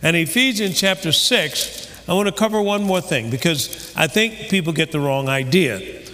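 A man preaching in a sanctuary, his fairly high voice carrying a long reverb through the hall. He delivers an animated sermon with many restarts and fillers, rising now and then to shouts. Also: normal speed. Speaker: pastor.

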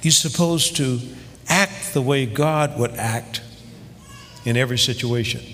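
A man's voice: medium pitch, a little slow. Fervent preacher man, ringing hall. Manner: fervent, building to shouting crescendos. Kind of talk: sermon. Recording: long hall reverb.

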